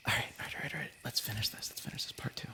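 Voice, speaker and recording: A man's voice: very fast, pushed and bright. Giggly whispering young man streaming ASMR. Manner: giggly, playful, keeps interrupting himself.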